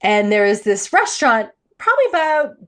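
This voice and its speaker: A middle-aged woman from Canada co-hosting a podcast in casual chat, amused and quick with comments. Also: on the high side, big pitch swings, a bit bright. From Ontario, Canada. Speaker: podcast co-host.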